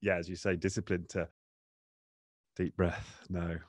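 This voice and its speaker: Low-voiced guy hosting a podcast, casual chat, dry sound. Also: little pitch movement, unhurried, no echo. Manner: conversational, agreeing, thinks aloud with restarts. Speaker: podcast host.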